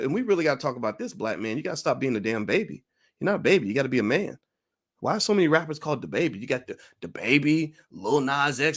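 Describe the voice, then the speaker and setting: A man's voice: on the high side, a bit bright. A man giving an opinionated commentary monologue, emphatic, firing rhetorical questions and tagging lines with "right?".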